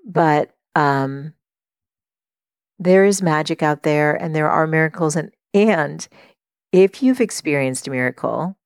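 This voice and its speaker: A middle-aged woman hosting a podcast, telling a personal story in an earnest, reflective way, with many pauses and fillers. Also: low voice, clear, resonant tone, dry recording, clean studio sound. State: tearful while telling a story. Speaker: podcast host and life coach.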